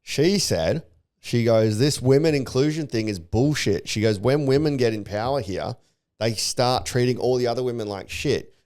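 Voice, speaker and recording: A man co-hosts a podcast in loose, casual chat. He rants bluntly and swears freely. His voice is smooth and clear. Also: mid-range voice, normal speed, darkish tone. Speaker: podcast co-host.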